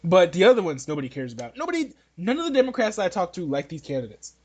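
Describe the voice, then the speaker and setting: A high-voiced man hosting a casual opinion podcast. He rambles and jokes, often restarting his sentences. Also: huge pitch swings, rapid-fire, breathy edge. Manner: rambling, joking, many restarts. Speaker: podcast host. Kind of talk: casual political opinion talk.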